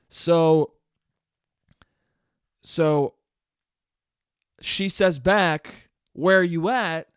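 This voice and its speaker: A young man rambling through a story on his own podcast, swearing freely and getting worked up as he goes. His voice sits a little higher than most men's, and the sound is close and dry with no room around it. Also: extremely slow, pauses often, clear, resonant tone, dry recording. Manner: profane, animated storytelling with bursts of laughter. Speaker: podcast host. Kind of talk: casual solo podcast monologue.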